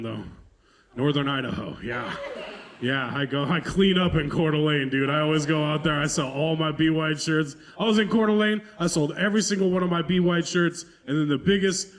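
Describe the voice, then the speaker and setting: A man headlining a comedy club set talks to the room in a loose, conversational way. His voice sits a little high, and he swears casually while mocking himself on a handheld stage mic. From Pacific Northwest, US. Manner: loose, profane, conversational, self-deprecating.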